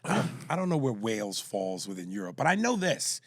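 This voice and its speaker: A man's voice: lowish voice, a little fast, hardly any pauses, no room sound, studio quality. A man co-hosting a podcast, joking and reading listener emails. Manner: animated, reads emails aloud, jokes in voices. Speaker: podcast co-host. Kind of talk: casual podcast banter.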